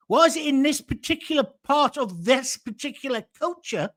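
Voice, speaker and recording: High-pitched, ranting older Englishman. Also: sing-song, a little fast, hardly any pauses, fairly bright tone. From England. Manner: ranting, blunt, swears freely. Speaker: host. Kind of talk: live reaction commentary.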